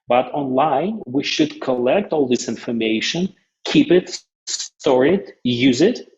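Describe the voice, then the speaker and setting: A man presenting a business webinar in non-native English phrasing, halting often and restarting his sentences. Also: medium pitch, dull audio.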